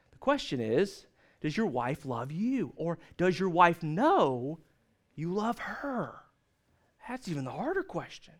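A man's voice: high voice, a bit bright. A man preaching a sermon as pastor, telling stories and jokes and asking the listeners questions.

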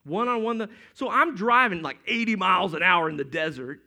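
A man's voice: high voice, animated, a little fast, gravelly, pushed and bright. A middle-aged man preaching a sermon as pastor, in a conversational, storytelling way that acts out quotes.

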